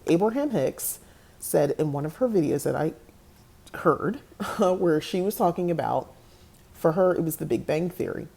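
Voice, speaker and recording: Young woman host, low mellow voice, casual and rambling, quick to laugh. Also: expressive, gravelly. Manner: chatty, laughs often, goes on tangents. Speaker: podcast host. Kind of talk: casual talk to camera.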